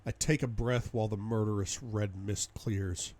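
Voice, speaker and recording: A man's voice: fairly low pitch, fairly even intonation, moderate pace, a little mellow. A man reading a first-person audiobook in an intense, dramatic way. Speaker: audiobook reader.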